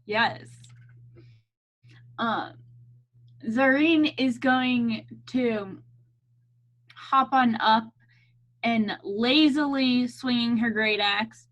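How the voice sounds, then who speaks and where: A woman taking part in a tabletop game, with a high voice. She talks very slowly and lazily, drawing out her turns. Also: a bit bright, lo-fi sound. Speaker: player.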